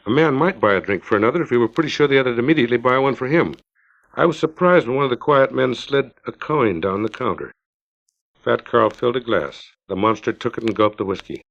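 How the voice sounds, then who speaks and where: Middle-aged man, gravelly voice, steady literary reading, dull lo-fi 1950s LP sound. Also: mid-range voice. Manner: steady, unhurried storytelling. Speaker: author reading his own story.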